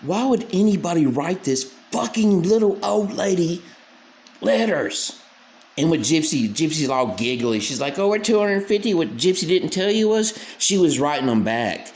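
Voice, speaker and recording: A man's voice: on the high side, animated, moderate pace, darkish tone, reverberant. Scornful ranting male commentator. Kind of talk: mocking reaction commentary.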